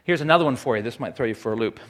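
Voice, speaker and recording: A man's voice: medium pitch, expressive, very fast. A man speaking informally to a gathered audience, quizzing them between recitations, with frequent fillers and restarts. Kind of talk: informal address with dramatic recitation. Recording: long reverb of a large hall.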